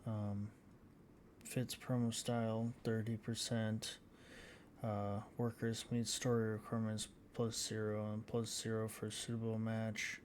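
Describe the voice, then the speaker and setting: Slow, flat-voiced man reading out scores. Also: lowish voice, a little hiss or hum. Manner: halting, reads out scores with many fillers. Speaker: gaming channel host. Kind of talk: casual gameplay commentary.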